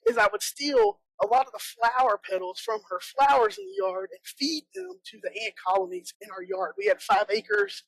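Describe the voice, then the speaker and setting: A woman's voice: a little high, big pitch swings, moderate pace, vocal fry, few pauses, no echo, low-quality recording. A woman from South Georgia with a Southern American accent, giving a chatty, joking conference talk as a bee inspector. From South Georgia, USA. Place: conference room.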